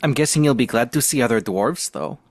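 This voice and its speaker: A man's voice: medium pitch, expressive, fairly quick, darkish tone, no room sound. A man joking and teasing other players during a tabletop game. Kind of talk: casual tabletop play.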